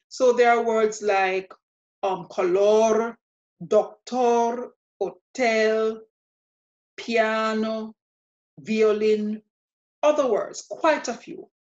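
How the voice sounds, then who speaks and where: A woman teaching a language lesson, explaining rules step by step in a patient, methodical way and repeating example words slowly. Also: a little high, animated. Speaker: Spanish teacher. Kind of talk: spoken grammar lesson. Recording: dull lo-fi sound.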